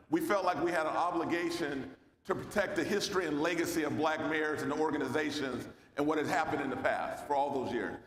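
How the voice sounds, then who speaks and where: A man's voice: high-pitched, fairly bright tone. A man, a former mayor, giving a loose, folksy speech at a luncheon and calling out to the crowd. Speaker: founding mayor and speaker. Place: large banquet hall. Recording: echoey hall with long reverb.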